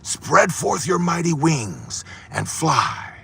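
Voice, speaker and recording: A man voicing a male naturalist in a told parable, who shouts in disbelief and then solemnly commands a bird to fly. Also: a little high, very animated, takes it slowly, gravelly, breathy edge, voice pushed up, exaggerated voice.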